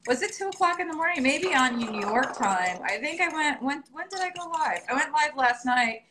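A woman's voice: high voice, expressive, normal speed, noisy background. A young woman chatting casually and rambling on a live stream while cooking, laughing often. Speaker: vlogger doing a live stream. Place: home kitchen. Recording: echoey kitchen with dish clatter. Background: clinking cutlery and dishes.

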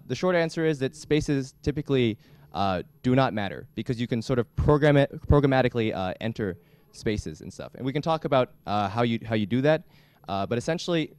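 A young man giving a classroom lecture as a student instructor, talking in a halting way with many restarts. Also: mid-range voice, a little mellow, smooth, dry recording. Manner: halting, frequent restarts and fillers. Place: lecture hall.

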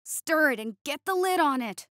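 A woman's voice: high-pitched, lively intonation, moderate pace, a bit bright, no echo, clean studio sound, voice pushed up. A woman voicing a flustered, hot-tempered male alien cook who mutters to himself and cries out in panic, in a storybook narration. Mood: panicked.

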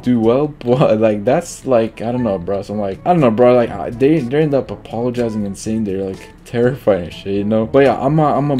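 Excitable young man with a mellow voice. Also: on the low side. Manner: excitable, slangy, laughs often, repeats himself. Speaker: gaming YouTuber. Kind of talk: casual gameplay commentary. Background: faint guitar music.

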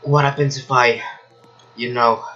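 A young man casually commenting on his gameplay, excitable and yelping with surprise. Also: medium pitch, measured pace, lo-fi sound, soft background music. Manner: excitable, shouts and yelps of surprise. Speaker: gaming streamer.

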